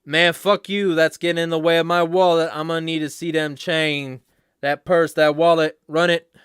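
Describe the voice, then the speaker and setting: A man voicing a greedy, brash man shaking someone down in a loud, mocking tone. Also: fairly high pitch, level tone, normal speed, clear, resonant tone, no echo, studio quality, pitched above the performer's own voice, natural voice. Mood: brash menace.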